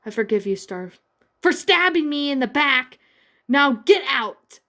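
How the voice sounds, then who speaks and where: A woman's voice: on the high side, lively intonation, moderate pace, natural voice. Raven, a woman reading as a stern teen sorceress. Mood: angry. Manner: stern, snapping. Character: guarded teen girl sorceress, quick to anger. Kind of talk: amateur fan-fiction reading.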